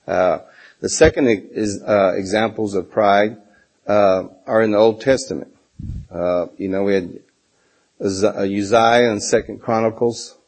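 A man's voice: fairly low pitch, fairly even intonation, measured pace, a little mellow, low-quality recording. A middle-aged man teaching a Bible class in a loose, rambling way, full of fillers, restarts and personal stories.

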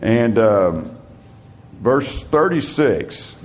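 A male preacher with a mid-range voice that rises and falls a lot. He reads scripture aloud slowly and with weight, then drops into plain, conversational explanation for his congregation. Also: medium pitch, big pitch swings. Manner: reads scripture slowly and emphatically, talks plainly between readings. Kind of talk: sermon with scripture reading.

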